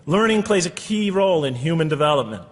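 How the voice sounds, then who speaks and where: An earnest man lectures an audience and poses one rhetorical question after another. His voice sits fairly high with a breathy, husky edge. The sound rings with a long reverb from the hall. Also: lively intonation, fast talker. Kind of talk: public lecture.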